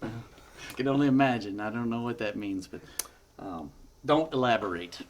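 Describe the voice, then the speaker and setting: A man co-hosting a comedy show, joking in a sheepish, deadpan way. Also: medium pitch, moderate pace. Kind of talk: comedic banter.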